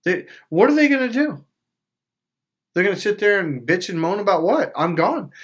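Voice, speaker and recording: A man hosting a self-help video, telling stories in a casual, animated way with frequent swearing. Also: sits high, normal speed. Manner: animated storytelling with swearing and acted-out quotes. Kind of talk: casual motivational talk.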